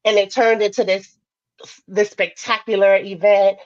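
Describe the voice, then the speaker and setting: A woman's voice: medium pitch, flat delivery, unhurried, no echo, muffled recording. A woman guest on a talk show, speaking passionately and informally, with many fillers like "like". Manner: passionate, informal, says "like" often. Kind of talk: casual interview talk.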